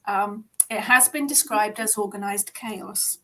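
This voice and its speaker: A woman's voice: medium pitch, unhurried, sharp tone. A woman from England, hosting an online ritual and greeting participants in a chatty, bubbly way over a video call. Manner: chatty and bubbly, laughs often. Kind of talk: casual chat greeting participants.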